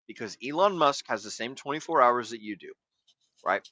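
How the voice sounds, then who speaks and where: Male host, coaching lecture style, bright voice, dry recording. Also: mid-range voice, very animated, normal speed, no echo, low-quality recording. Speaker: podcast host. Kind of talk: casual livestream chat.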